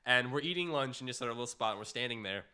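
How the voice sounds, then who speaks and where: A young man on a casual chat show tells animated stories with lots of "like" fillers. His voice is bright and forward, and it jumps up high whenever he quotes someone. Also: fast talker, clean tone. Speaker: podcast co-host.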